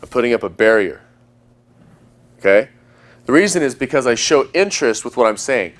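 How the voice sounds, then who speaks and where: A man giving dating advice as a coach, talking emphatically and using long pauses for effect. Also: mid-range voice, animated. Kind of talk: instructional talk.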